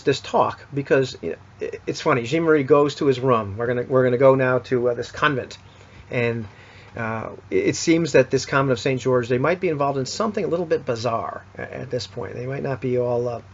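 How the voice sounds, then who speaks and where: A man's voice: medium pitch, husky. A man recapping a tabletop game session in a rambling, casual way, full of fillers and restarts. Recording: dull lo-fi recording.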